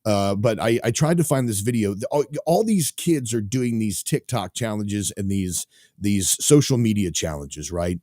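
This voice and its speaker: A man's voice: lowish voice, expressive, normal speed, warm tone, no room sound, studio quality. A man hosting a talk radio show, chatting casually and rambling with lots of fillers.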